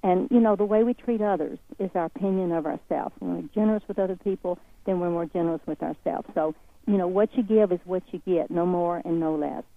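A woman's voice: lowish voice, fairly quick. Southern woman on a tinny phone line. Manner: folksy, earnest, encouraging. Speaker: guest speaker. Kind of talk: motivational interview talk.

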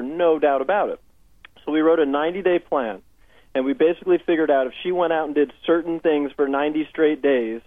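Heard via phone headset on a radio interview, a man with a Southern Californian accent and fairly high pitch recounts cheerful client stories, quoting his clients in dialogue. The tinny phone audio is dry, with no echo.

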